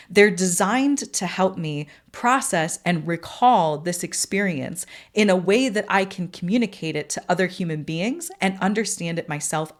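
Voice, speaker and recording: A young woman hosting a podcast tells a long story in a chatty, rambling monologue, often restarting her sentences. When quoting others she switches to a high, bubbly voice.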